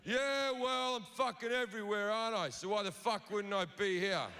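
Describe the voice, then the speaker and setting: A man's voice: sits high, normal speed, lightly acted. A man playing a self-important, needy God who demands everyone's attention at a party, in a stand-up bit. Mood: demanding. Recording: noisy live venue recording.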